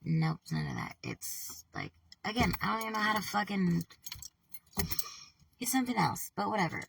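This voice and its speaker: A woman talking to camera in a rambling, halting personal monologue, swearing often, trailing off mid-thought and sometimes dropping to a whisper. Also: mid-range voice, huge pitch swings, creaky, far from the mic, slight background noise. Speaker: vlogger.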